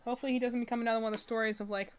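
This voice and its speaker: A woman's voice: on the high side, level tone, very fast. Chatty young woman with faint background hiss. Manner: rambling, filler-heavy, laughs often. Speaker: streamer. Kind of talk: casual chat while crocheting. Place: home with barking dogs.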